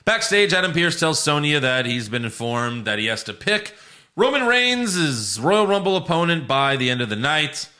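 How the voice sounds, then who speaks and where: Bright-voiced sarcastic man recapping. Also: on the high side, very animated, moderate pace. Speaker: podcast co-host recapping wrestling. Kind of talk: casual chat.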